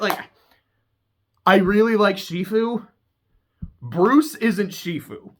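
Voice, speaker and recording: A man's voice: high-pitched, animated, takes it slowly, fairly bright tone. A man chatting casually as he recaps a TV show, rambling and swearing freely.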